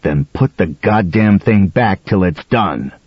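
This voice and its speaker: A man's voice: low voice, lively intonation, slow pace, breathy edge, no room sound, heavily acted. Man doing a blunt, grumbling husband. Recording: dull dry audiobook recording.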